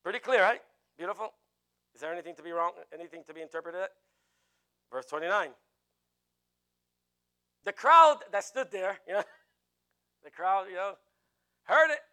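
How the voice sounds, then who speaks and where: A man's voice: high-pitched, lively intonation, moderate pace, pauses often, pushed and bright, smooth. A man preaching a sermon emphatically, repeating phrases and chuckling as he goes.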